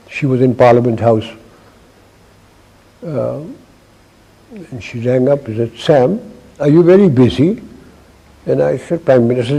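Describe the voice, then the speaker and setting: Older man, dark raspy voice, jocular raconteur. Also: mid-range voice, low-quality recording. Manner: wry, jocular, acts out dialogue. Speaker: retired army chief interviewee. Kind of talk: anecdotal storytelling interview.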